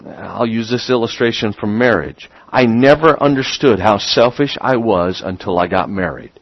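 A man preaching a sermon as a pastor, getting excited and repeating words as he builds up. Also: fairly low pitch, moderate pace, breathy edge, dry recording, muffled recording.

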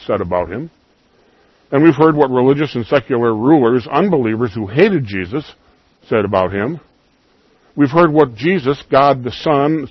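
A man preaching a sermon, emphatic, rising loud on key lines and dropping to soft asides. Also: medium pitch, husky, dry recording, lo-fi sound.

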